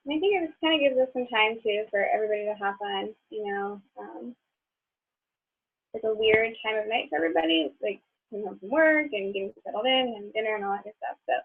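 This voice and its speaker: A woman organizing a group video call, relaxed and laughing easily, trailing off her sentences. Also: fairly high pitch, brisk, slightly rough. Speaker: meeting organizer. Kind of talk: casual video-call chat. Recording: tinny phone-like audio.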